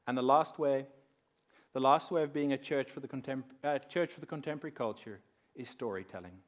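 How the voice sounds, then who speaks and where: A man at a conference lectern, pitched mid-range, in a steady storytelling manner. He slows down and sinks his voice low and soft to let a point land. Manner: measured storyteller who drops quiet and slows for effect. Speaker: conference speaker. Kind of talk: talk on faith woven with storytelling.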